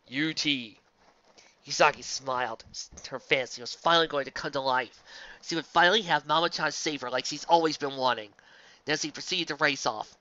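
A bright, forceful voice reads a fanfic aloud and keeps breaking off into sarcastic, exasperated rants. The recording sounds a little dull and lo-fi, and the room is dry and close. The reader is from the Southern United States. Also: medium pitch, dry recording. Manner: sarcastic, exasperated, jumps between reading and ranting. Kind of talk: comedic reading with sarcastic asides.

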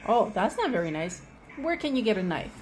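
A woman chats in a casual family home video, her voice swooping up and down as she teases and coaxes. Her tone is playful and lively, with an easy, medium pitch. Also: fairly quick, very noisy. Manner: playful teasing, chatty and coaxing. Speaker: parent filming her child.

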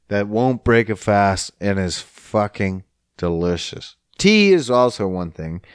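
A man rants through his solo podcast in an unhurried, profanity-laden ramble. His voice is smooth and clean, heard close with almost no room around it. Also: on the low side, dry recording. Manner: profane, rambling, heavy swearing. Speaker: podcast host. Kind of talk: casual solo podcast rant.

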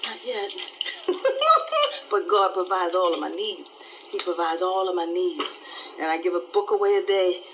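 A woman pastor giving an animated, live-streamed devotional talk, repeating her phrases and laughing often. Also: medium pitch, a little hiss or hum, poor audio.

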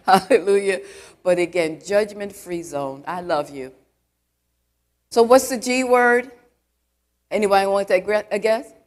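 A woman's voice: medium pitch, measured pace, pauses often. Chatty woman preaching to a congregation. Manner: chatty, full of "you know" asides, quizzes the congregation. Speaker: church elder preaching. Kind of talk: conversational sermon. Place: church, before a live congregation.

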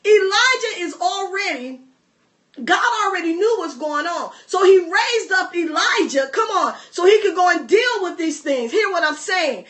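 A woman preacher delivering a fervent sermon, shouting out phrases and calling on the congregation to respond. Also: extremely high pitch, lively intonation, normal speed.

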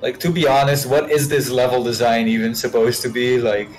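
A man's voice: mid-range voice, flat delivery, brisk, rough recording. Male co-commentator, mid-range voice, rambling sarcastic jokes, faint music under. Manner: rambling, sarcastic, laughing asides. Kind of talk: casual gaming chat.

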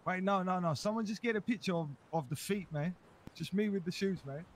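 A man role-plays a street character in a game, slangy and loose. His voice sits high, and he ends almost every sentence with "man". A faint noise hums underneath. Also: brisk. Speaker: role-play player.

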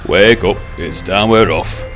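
A man voicing a proud, quick-tempered male diesel engine in a storybook tale. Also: low voice. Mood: cross. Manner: stammering when apologising. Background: background music.

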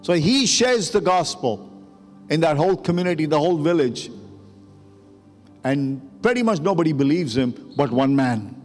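A male pastor tells a story from the pulpit, his voice a touch high and growing urgent. The sermon rings with a long church reverb. Faint music sits underneath. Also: expressive, normal speed. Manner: emotional, rising to urgent preaching. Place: church sanctuary.

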